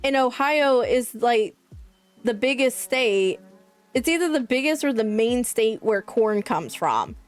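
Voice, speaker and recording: A woman's voice: a little high, animated, measured pace, soft background music. A young woman from South Carolina with a Southern accent, chatting to her stream chat in a rambling way. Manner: chatty, rambling, many likes. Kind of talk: casual chat with live chat.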